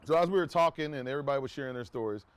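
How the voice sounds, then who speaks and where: He talks very fast in a clean, mid-range voice with no echo, casually recounting a personal story to viewers. The telling is rambling, with restarts and asides, and he dramatizes what people said by raising his voice.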